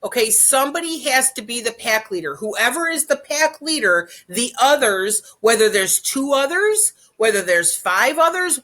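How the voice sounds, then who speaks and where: A woman's voice: on the high side, pushed and bright. A woman giving casual, chatty dog training advice, often repeating her points and checking in with "okay?". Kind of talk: informal instructional talk.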